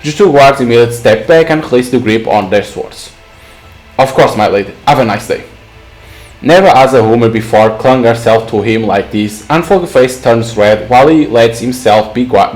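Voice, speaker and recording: A young man reads the narration of a story game in an even, mid-pitched voice. He trips over a word now and then and restarts. Light music plays behind him. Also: moderate pace, rough recording. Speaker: gaming channel host. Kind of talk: reading a visual novel aloud.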